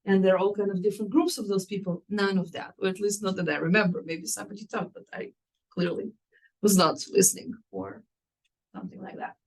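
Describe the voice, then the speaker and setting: A woman's voice: mid-range voice, a little fast, rough recording. Israeli woman telling a story to her class. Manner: candid, animated storyteller with non-native phrasing. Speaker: rabbi teaching a course.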